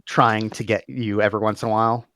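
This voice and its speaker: A man running a tabletop game as game master, narrating casually with halting restarts. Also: lowish voice, flat delivery, fairly bright tone, no room sound. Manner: casual, halting, many fillers.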